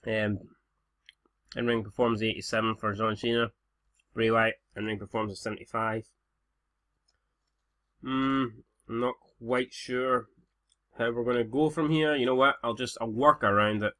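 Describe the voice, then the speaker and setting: A young Scottish man commenting casually on a game, swearing freely and joking with his viewers. His voice is bright and forward. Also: mid-range voice, fairly even intonation, normal speed, long pauses. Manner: sweary, laid-back banter. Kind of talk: casual let's-play commentary.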